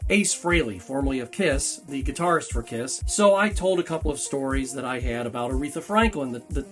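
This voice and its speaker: A man hosting a casual convention vlog, talking in an excitable, rambling and chatty way. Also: on the high side, husky. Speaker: YouTube channel host. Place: busy convention hall.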